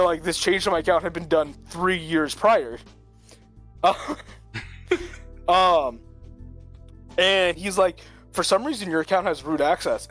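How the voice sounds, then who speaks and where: Rambling man with a higher voice. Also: fairly bright tone. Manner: rambling, full of "like", chuckles often. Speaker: streamer telling a story. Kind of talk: casual chat.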